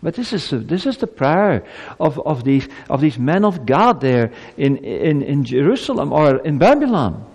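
A man's voice: fairly high pitch, sing-song, a little slow, gravelly, darkish tone, slightly rough. A man preaching a sermon to a congregation, emphatic, with rhetorical questions and stammered repeats. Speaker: pastor. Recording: long hall reverb.

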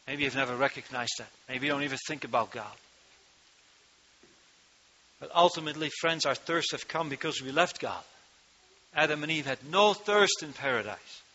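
A man preaching a sermon into a microphone to his congregation, slow and emphatic, rising to loud cries on key words, speaking with a turn of phrase. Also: fairly high pitch. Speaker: pastor. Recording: dull lo-fi sound.

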